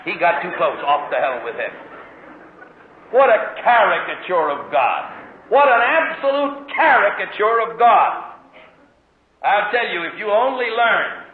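A middle-aged male preacher with a fairly high voice, delivering his sermon as animated storytelling full of emphatic rhetorical questions. The sound is thin and tinny, like an old phone-band recording, and the room rings with echo.

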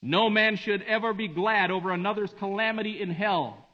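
A man preaching a sermon, swinging between hushed, slow passages and emphatic, rising delivery. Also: high-pitched. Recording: dull lo-fi recording.

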